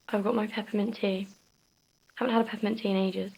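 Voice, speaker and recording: A young woman chatting casually in a vlog, soft, giggly and confiding. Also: mid-range voice, steady tone, moderate pace, vocal fry, breathy edge, low-quality recording. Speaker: vlogger.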